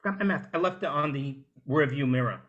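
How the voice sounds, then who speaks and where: A man doing a stand-up comedy set over a video call, dropping to hushed storytelling and then shouting the punchlines. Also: on the high side, fast talker, muffled recording. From New Jersey, US.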